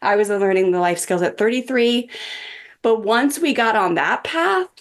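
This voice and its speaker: A woman's voice: fairly high pitch, animated, moderate pace. A woman in her forties, a parenting coach who is a guest on a podcast, tells a personal story in an earnest, chatty way with many "like" and "um" fillers. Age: 40s.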